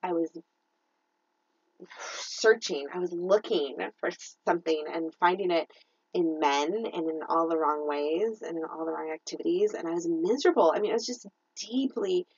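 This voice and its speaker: A woman co-host speaks in a casual faith chat, earnest and reflective, often restarting her sentences. Her voice is husky and sits a little low. The recording is dry and slightly muffled. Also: normal speed, a little mellow, no room sound. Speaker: podcast co-host.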